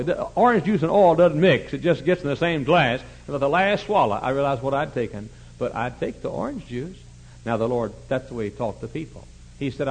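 A man preaching a sermon, telling folksy stories and swinging from quiet asides to shouting. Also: medium pitch, a little hiss or hum, low-quality recording. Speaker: pastor.

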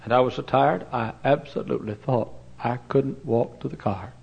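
Older man, pastor preaching, fervent then hushed, mid-pitched voice, muffled old recording. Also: moderate pace, vocal fry, husky. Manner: swings from loud impassioned shouting to hushed tender storytelling. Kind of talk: sermon. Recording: dull lo-fi sermon recording.

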